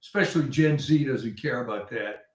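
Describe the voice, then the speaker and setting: A man's voice: medium pitch, moderate pace. Man guest in a roomy echo. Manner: hesitant, many fillers. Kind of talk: casual conversation.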